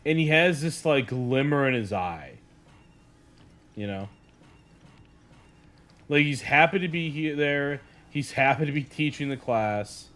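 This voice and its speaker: A young man spins a casual anecdote in a middle-pitched voice. He keeps it animated and loose, and he leans on "like" as he goes. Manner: animated, heavy use of "like". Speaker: streamer. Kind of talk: casual storytelling.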